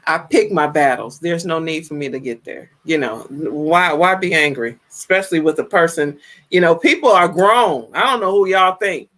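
A woman in her fifties hosting a casual live stream, greeting viewers with exuberant shouts and drawn-out, playful calls. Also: low-pitched, lively intonation. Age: 50s. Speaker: livestream host.

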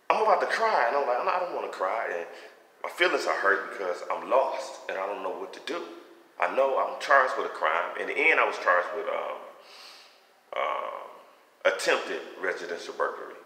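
A man's voice: low-pitched, pushed and bright. Fervent man preaching in an echoey room. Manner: fervent, rambling, conversational preaching. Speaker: giving a personal faith testimony. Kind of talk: preachy personal testimony. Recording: echoey room with long reverb.

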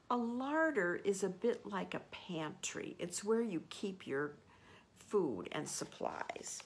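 A woman, a children's librarian, reading a picture book aloud and gently explaining words and pictures to children. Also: medium pitch, very animated, slow pace.

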